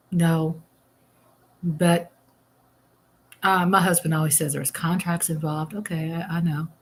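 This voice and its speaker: A middle-aged woman hosts a casual livestream, reading viewer comments aloud and eating while she chats in a chatty, exclamatory way. Her voice is lowish and a bit bright, with a little hiss or hum on the recording.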